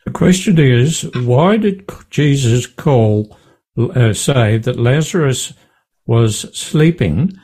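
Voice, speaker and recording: A man in a Bible study discussion, posing a question and answering it in a deliberate way. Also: medium pitch, expressive, darkish tone, breathy edge.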